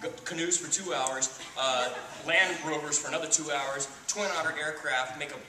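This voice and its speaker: A man from Texas, a guest actor at a convention Q&A, telling a story in a lively, profane way with frequent laughter. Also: fairly high pitch, moderate pace. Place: convention panel room. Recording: echoey hall, distant mic, noisy.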